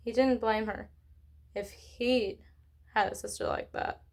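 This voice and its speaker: A woman reading a children's novel aloud in an expressive way, with small slips and self-corrections. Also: on the high side, a little slow, gravelly. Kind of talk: read-along book narration.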